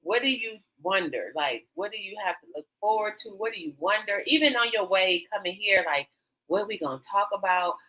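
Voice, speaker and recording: An older woman hosts a radio talk show in a candid, casual conversation, her mid-range voice expressive and fairly quick. She speaks frankly and animatedly, acting out quotes in her stories, on a slightly dull lo-fi recording.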